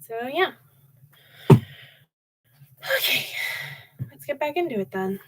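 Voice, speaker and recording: A woman's voice: high-pitched, lively intonation, slow, pushed and bright, a little hiss or hum, rough recording. Chatty young woman reading aloud. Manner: chatty, with fillers and laughs between reading. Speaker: audiobook reader and streamer. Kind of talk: casual live-stream chat and storybook narration.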